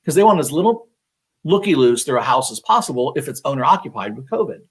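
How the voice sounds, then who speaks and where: A man's voice: mid-range voice, sing-song, fast, breathy edge. A man working as a real estate agent, giving casual advice on a live stream, talking conversationally with many fillers and restarts.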